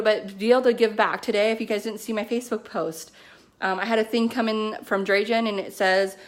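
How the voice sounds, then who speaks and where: Excited woman, casual pep talk, lots of "like", home phone video, mid-pitched voice. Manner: excited, chatty, heavy on "like" and "you know". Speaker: network marketing team leader. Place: at home with her kids nearby.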